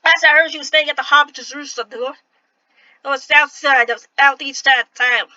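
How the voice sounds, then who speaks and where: A woman's voice: high voice, fairly even intonation, sharp tone, no echo, muffled recording. A woman reading a worldly city informant's lines from a game, trying for an accent and stumbling over restarts. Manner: halting, reads lines with restarts. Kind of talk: reading game dialogue aloud with an attempted accent.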